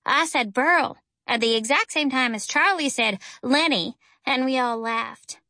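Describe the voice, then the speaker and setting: A woman reads a first-person story aloud with lively, expressive storytelling. Her voice is high and bright. The recording is close and dry. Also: a little slow, no echo. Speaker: audiobook narrator.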